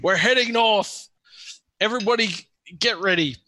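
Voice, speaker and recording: A man putting on a loud bossy orc leader. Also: high-pitched, moderate pace, slight background noise, voice pushed up. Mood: yelling orders. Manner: yelling harsh orders.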